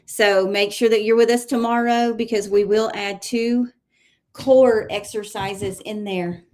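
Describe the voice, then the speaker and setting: A woman with a Southern US accent leading a live exercise class, counting reps and giving steady cues, heard from a distance in an echoey room. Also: medium pitch, unhurried. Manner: counts reps aloud, encouraging cues, clears throat often. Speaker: fitness instructor. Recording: roomy echo, voice from far off.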